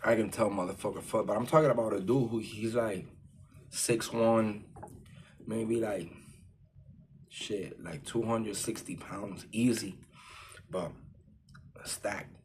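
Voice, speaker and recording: A man's voice: on the low side, steady tone, slow, pauses often, a little mellow, a little hiss or hum. A man casually telling a personal story in profane street slang, full of fillers like "you know what I'm saying".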